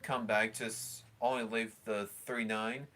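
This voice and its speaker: Slow, halting man commentating. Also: fairly low pitch, level tone, pushed and bright. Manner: halting, many fillers and restarts. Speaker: stream host commentating along with a broadcast. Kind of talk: casual live commentary.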